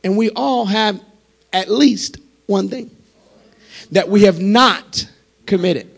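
A man preaching a sermon as pastor, impassioned and building to shouts. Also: high voice, slow pace, gravelly, husky.

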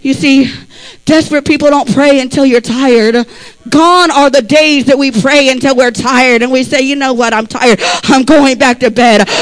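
Fervent high-voiced male preacher. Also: low-quality recording. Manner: fervent, with swings between soft speech and shouted climaxes. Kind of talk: sermon.

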